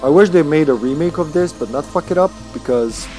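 A man's voice: a little high, fairly quick, warm tone, soft background music. A man streaming a game, chatting casually, swearing freely and yelping when his character is hit. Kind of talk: casual gameplay commentary.

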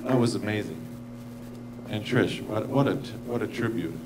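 A man's voice: lowish voice, moderate pace, a crowd in the background. A man presenting awards live on stage, effusive and exclamatory, gasping and sighing between lines. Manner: effusive and exclamatory, with gasps and sighs. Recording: noisy live theater recording.

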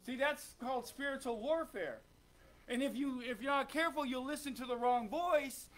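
A man's voice: very high-pitched, animated, moderate pace, a bit bright. A man preaching a sermon to his congregation, fervent, questioning the listeners and waiting for their answers. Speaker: pastor. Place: church sanctuary.

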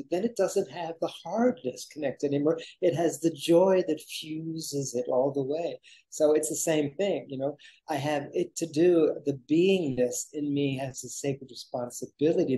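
Male co-host, mellow husky tone, earnest and reflective in spiritual talk. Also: on the high side, low-quality recording. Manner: reflective and earnest, gives aphorisms. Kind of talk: spiritual conversation.

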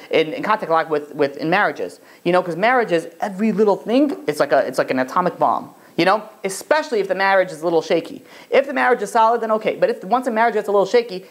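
Teaching Torah in a voice that sits high, a rabbi stays animated throughout. He frequently starts sentences over and performs the voices of those he quotes.

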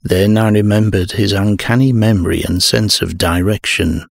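A man narrating a horror audiobook in a measured, dramatic first-person telling. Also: on the low side, steady tone, gravelly, no echo, clean studio sound.

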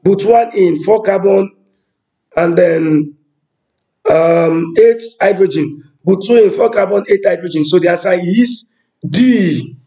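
A man's voice: sits high, takes it slowly, warm tone, poor audio. A man walking through exam questions as a chemistry tutor, explaining each answer and asking rhetorical questions. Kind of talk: exam-prep lesson walkthrough.

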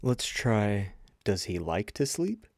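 Low-voiced man teaching a language lesson. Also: sing-song, creaky, a little mellow, no echo, studio quality. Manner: slow, repeated example phrases for learners; casual, friendly teaching. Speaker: Mandarin teacher.

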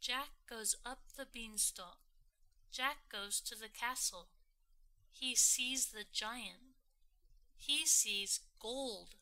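A woman reading a simple storybook aloud for learners, with clear, deliberate phrasing. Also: on the high side, pushed and bright. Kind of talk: slow storybook read-along for learners.

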